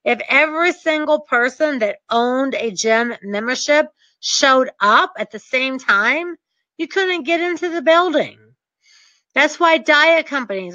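A woman's voice: sits high, sharp tone, no echo, lo-fi sound. A woman coaching her real estate students in a motivational talk, earnest and emphatic, repeating her points for stress.

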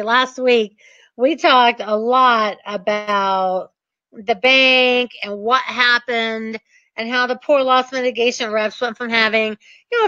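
Confident woman real estate coach, bright and emphatic, slightly high voice, dull dry lo-fi recording. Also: dry recording. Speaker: real estate investor and short sale coach. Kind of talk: teaching talk with acted examples.

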